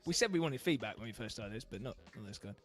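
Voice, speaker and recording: A man co-hosting a casual quiz, teasing his partner with quick wit. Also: medium pitch, lively intonation, faint music behind. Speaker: quiz co-host.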